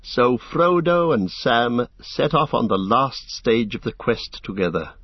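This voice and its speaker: A man reading a storybook aloud as narrator, in a steady, measured way. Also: mid-range voice, no room sound. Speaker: audiobook narrator. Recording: dull lo-fi dry recording.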